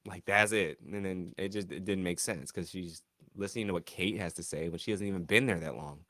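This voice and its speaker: A man's voice: a little fast, dry recording, clean studio sound. Chatty man recapping a reality show. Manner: animated, mimics cast members in high voices. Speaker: show reviewer. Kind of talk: casual recap commentary.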